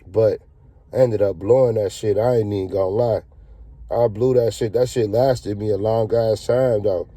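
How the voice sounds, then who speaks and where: A man's voice: fairly low pitch, fairly even intonation, moderate pace, dark tone, no echo. A man telling a casual story in a slangy, profane, laid-back way.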